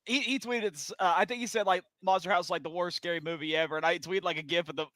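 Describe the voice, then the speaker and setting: A man's voice: sits high, fairly even intonation, fast, a bit bright, no room sound. A man in a casual podcast chat, telling stories in a rambling, giggly way. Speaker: podcast co-host.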